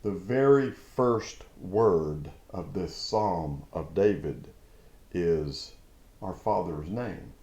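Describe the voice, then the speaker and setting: Slow, deep-voiced man teaching scripture. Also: lively intonation, warm tone, echoey room. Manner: slow, reflective, with emphatic outbursts. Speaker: preacher. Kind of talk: devotional Bible teaching.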